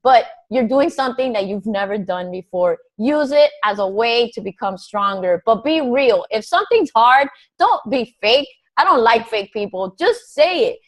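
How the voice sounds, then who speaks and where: A woman coaches her team in a blunt, profane pep talk on a group call. Her voice sits a little high. She talks plainly and pushes her listeners hard. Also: lively intonation, normal speed, few pauses, low-quality recording.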